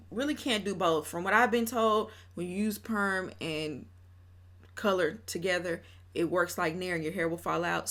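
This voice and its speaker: A woman's voice: on the low side, fairly bright tone. A woman vlogger talking through her casual commentary in a chatty, opinionated way, often breaking into laughs.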